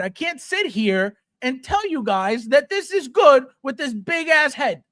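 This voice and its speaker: A man's voice: very high voice, sharp tone, no room sound, clean studio sound. A man hosting a collectibles channel, ranting bluntly and scornfully about a figure, profane and sarcastic. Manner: repetitive, sarcastic jabs at viewers.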